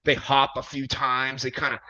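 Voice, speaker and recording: A man, a wrestler, telling a long story in casual conversation, animated and profane with plenty of fillers. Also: medium pitch, moderate pace. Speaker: wrestler guest. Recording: dull lo-fi audio.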